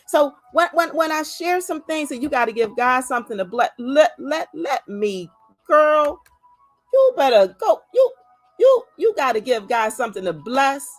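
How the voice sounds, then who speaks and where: A fervent woman talks straight to her live viewers, urging them on and repeating her points for stress. Her voice sits a little high. Faint music plays behind her. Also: big pitch swings, normal speed. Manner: exhorting, repeats words, calls out viewers by name. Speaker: livestream host. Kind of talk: motivational livestream talk.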